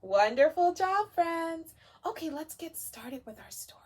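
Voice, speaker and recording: A woman teacher leading a story time for young children, gentle and encouraging, talking directly to the kids. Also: very high-pitched, big pitch swings, a little slow.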